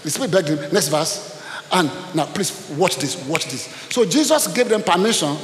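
A man preaching with dramatic, animated delivery, his voice sitting a little high. He is heard in a large echoing hall with a long reverb tail. A faint hiss runs under the recording. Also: normal speed. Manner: animated, dramatic, acts out scenes. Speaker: pastor. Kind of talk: sermon.

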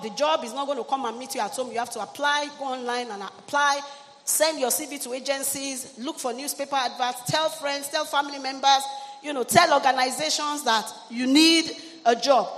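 This middle-aged woman pastor's voice sits high, with a fairly bright tone and moderate pace, as she exhorts her congregation and calls for amens and hallelujahs. Long reverb from the church hall and faint ambient noise fill the recording.

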